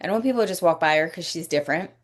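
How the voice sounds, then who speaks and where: A woman hosting a podcast, talking slowly and reflectively in a casual faith-based conversation, pausing to search for words. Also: lowish voice, expressive. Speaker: podcast host.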